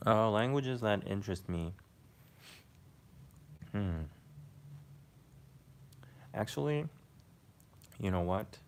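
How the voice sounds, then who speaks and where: Slow, gravelly-voiced man chatting. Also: fairly low pitch, slight background noise. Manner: rambling, hesitant, laid-back, swears casually. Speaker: live streamer reading chat. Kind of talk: casual live-stream chat.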